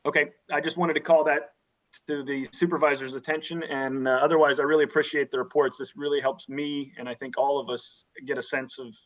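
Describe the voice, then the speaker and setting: A man on a county board asking careful, measured questions in a public meeting, often restarting his sentences. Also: on the high side, level tone, a bit bright. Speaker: county supervisor. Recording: dull lo-fi meeting audio.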